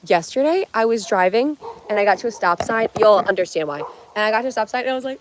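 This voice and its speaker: A woman's voice: fairly high pitch, quick pace, hardly any pauses, noisy background. Chatty young woman streaming just after waking. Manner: chatty and rambling, many "like"s and restarts. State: just woke up, dry-lipped. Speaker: live streamer. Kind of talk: casual rambling live-stream chat.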